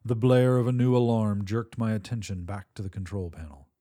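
A man's voice: on the low side, a little fast, dark tone, dry recording, clean studio sound. A man reading a first-person sci-fi story aloud as scripted narration, in a tense and dramatic manner.

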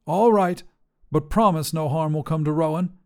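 A man's voice: on the high side, normal speed, warm tone, voice pushed up, close to an everyday voice. A man voicing a nervous, sly wizard who pleads and snaps in a raised, strained voice. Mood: pleading. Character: fussy, sly middle-aged male wizard.

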